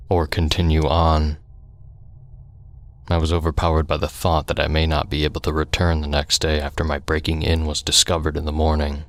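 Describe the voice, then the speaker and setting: A man with an extremely deep, low voice reads a first-person horror story. His delivery stays flat and even, and his storytelling is steady and hushed. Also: no echo.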